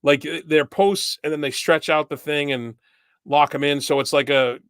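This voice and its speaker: Bright-voiced young man telling a rambling story. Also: a little high, steady tone, moderate pace, clean tone, no room sound, clean studio sound. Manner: rambling, acts out quoted people with raised voice. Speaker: podcast co-host. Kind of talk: casual storytelling chat.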